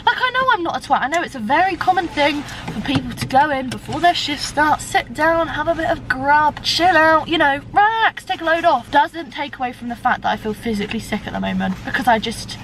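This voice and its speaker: A young British woman with a high voice chats rambling and self-deprecating to her phone camera. She swears freely while sitting in her car. Road noise hums clearly underneath. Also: expressive, a little fast. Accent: British English. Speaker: vlogger. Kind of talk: casual chat to camera.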